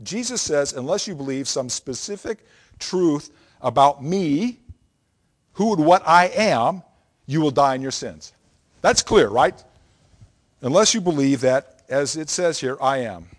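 A man's voice: on the high side, expressive, a little slow. A man preaching a Bible lesson, explaining scripture in an emphatic, teacherly way and often checking in with the listeners.

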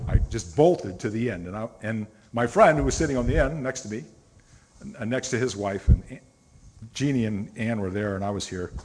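Husky-voiced male pastor preaching in a hall. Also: mid-range voice, darkish tone. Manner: conversational storytelling preaching, stresses single words, clears throat. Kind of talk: sermon. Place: church sanctuary. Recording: long reverb of a church hall.

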